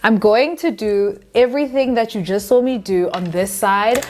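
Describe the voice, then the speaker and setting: A woman's voice: mid-range voice, normal speed, darkish tone, slight background noise. A young woman hosting a hair tutorial, talking casually and directly to her viewers. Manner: chatty, talks straight to viewers as "guys".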